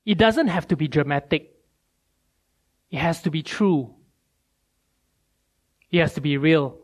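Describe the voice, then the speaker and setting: Man preaching, high voice, slow deliberate pace, lively rhetorical questions. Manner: animated storytelling with many rhetorical questions. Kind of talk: sermon.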